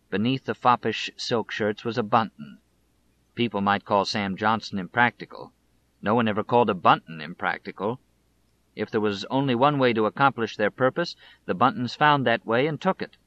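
A male audiobook narrator who reads a biography in a measured, deliberate way. His voice has a somewhat low pitch and a bright, forceful tone. The recording is muffled and lo-fi.

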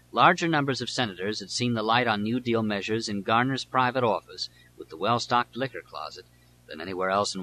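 Low, forceful male audiobook narrator. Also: a little hiss or hum, low-quality recording. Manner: measured, deliberate reading. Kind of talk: scripted nonfiction narration.

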